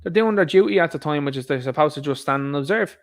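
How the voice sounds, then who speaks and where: An Irish man rants through news headlines in an indignant, sarcastic vlog commentary. His voice sits a little high for a man, and he keeps calling out to his viewers as lads. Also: lively intonation, fast. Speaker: vlogger, commentator.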